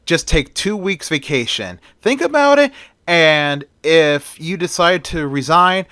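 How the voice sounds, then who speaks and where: A man voicing a gruff, firm male police sergeant in an amateur story reading. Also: on the high side, expressive, unhurried, pushed and bright, dry recording, clean studio sound, pitched above the performer's own voice. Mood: stern.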